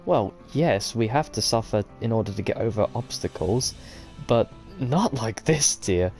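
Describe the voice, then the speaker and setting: A man with a fairly low voice reads a game's story text aloud, taking his time over every line. He speaks at an unhurried, deliberate pace. Soft game music plays faintly behind him. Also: lively intonation. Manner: slow, measured reading of game text with occasional sworn reactions. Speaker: gaming video host. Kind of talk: reading a visual novel aloud.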